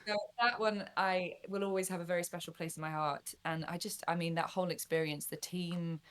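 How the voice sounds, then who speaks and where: A young woman, a voice actor, chatting in an interview, bubbly and quick to laugh. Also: on the low side, fairly even intonation, fairly bright tone. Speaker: guest voice actor. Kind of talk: casual interview chat.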